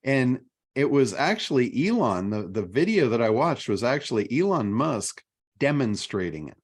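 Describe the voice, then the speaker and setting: Animated middle-aged man telling a story. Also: mid-range voice, moderate pace, slightly rough. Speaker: podcast host. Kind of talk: casual chat.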